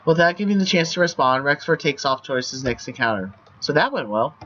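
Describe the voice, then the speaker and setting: Man with a fairly high voice reading game text aloud for a stream, playful, slightly muffled audio. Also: animated, brisk, sharp tone, slight background noise. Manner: playful, laughs at the lines.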